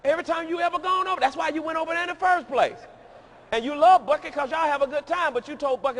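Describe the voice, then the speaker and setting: A man preaching a sermon in a large dome, emphatic and repetitive, rising to shouts. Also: very high voice, fast. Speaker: pastor.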